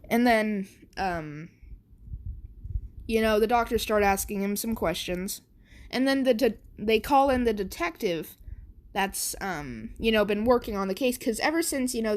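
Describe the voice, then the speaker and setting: A woman tells a fan story in a casual, rambling way, leaning on fillers and restarting her sentences. She talks at a slow, unhurried pace in a mid-range voice. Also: medium pitch.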